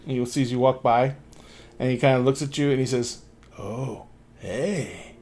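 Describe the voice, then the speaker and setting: A man's voice: mid-range voice, little pitch movement, a little fast, a little mellow. A man running a tabletop game on a stream, talking in a casual, rambling way and swearing now and then. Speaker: game master.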